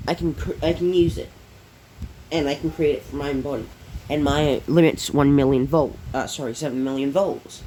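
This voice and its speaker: A man's voice: on the high side, fairly even intonation, moderate pace, dark tone, natural voice, low-quality recording. A man voicing an eager young male hero with a thunder power, in an upbeat, explaining way, with a faint hiss behind him.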